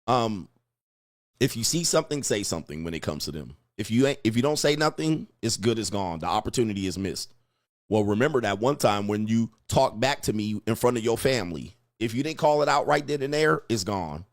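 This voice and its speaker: A man's voice: lowish voice, expressive, brisk, no echo, clean studio sound. A man giving blunt, crude relationship advice in a mocking, preachy rant, answering viewer comments. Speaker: dating advice host.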